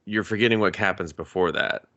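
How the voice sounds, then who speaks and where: A man's voice: sits low, a little fast, sharp tone, highs cut off. A man co-hosting a casual movie review podcast, swearing freely and acting out scenes in quoted voices. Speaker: podcast co-host.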